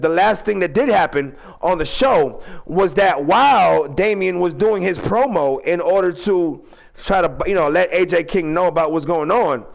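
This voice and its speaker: Animated, gravelly male show host. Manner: rambling and chatty, booming drawn-out ring-announcer calls. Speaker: host of a fan video-game wrestling show. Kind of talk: casual hosted recap with announcer flourishes.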